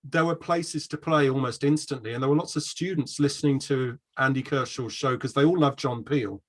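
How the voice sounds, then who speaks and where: A man's voice: mid-range voice, a little fast. A middle-aged man in casual conversation, telling rambling anecdotes about a past music scene. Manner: rambling anecdotal storyteller, mimics voices in quotes. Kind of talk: casual chat.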